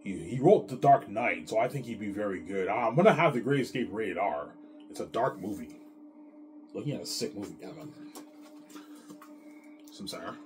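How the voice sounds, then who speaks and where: A man chatting casually on his vlog, rambling excitedly and stumbling over repeated words. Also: lowish voice, moderate pace, pauses often, slight background noise. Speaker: vlogger. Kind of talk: casual chat. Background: music.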